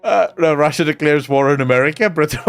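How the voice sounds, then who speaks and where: A young man with a South African accent chats casually and crudely on a live stream, reacting to chat with jokes and swearing. His voice is a little high and a little fast, clear and resonant, and his sardonic humor comes with frequent laughter.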